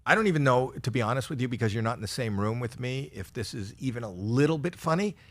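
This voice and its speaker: A man's voice: mid-range voice, animated, quick pace, a bit bright. Comic, man, 60s: rambling self-deprecating stand-up, stammery restarts. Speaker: stand-up comedian. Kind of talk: stand-up routine for a virtual audience.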